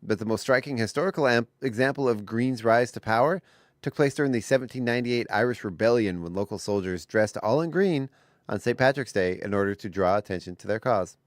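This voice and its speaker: A man co-hosting a radio morning show, chatty and quick to laugh, telling stories and reading facts. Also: mid-range voice, no room sound, studio quality. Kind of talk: casual radio banter. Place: radio studio. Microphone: studio microphone.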